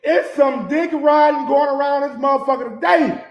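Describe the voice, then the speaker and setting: High-voiced man ranting in an echoey room. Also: moderate pace, dull audio. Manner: animated, profane, swings from mutters to shouting. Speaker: sports commentary host. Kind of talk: casual ranting commentary.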